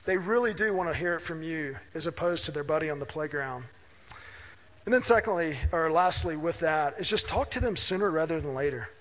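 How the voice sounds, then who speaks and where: Pastor, middle-aged man, high voice, conversational sermon in a reverberant church hall. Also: animated, fairly quick, a bit bright. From Mississippi. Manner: conversational, anecdotal, asks listeners "right?".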